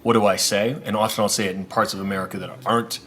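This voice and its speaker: A man's voice: on the low side, steady tone, racing, a bit bright. A man from eastern Canada, a guest in a casual interview, with an accent that shifts between places, talking loosely and laughing often. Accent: mixed, shifts between places. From Canada (Maritimes, Nova Scotia).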